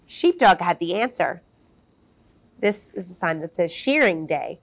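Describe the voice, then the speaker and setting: Slow, sing-song woman reading to children. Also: on the low side, sing-song, creaky, husky. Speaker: storyteller. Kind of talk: children's storybook read-aloud.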